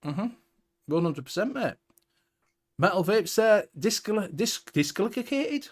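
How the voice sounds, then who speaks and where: High-voiced Welsh man ranting bluntly. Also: sing-song, a little slow. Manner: blunt, heavy swearing, emphatic ranting. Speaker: show host. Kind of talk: casual livestream chat.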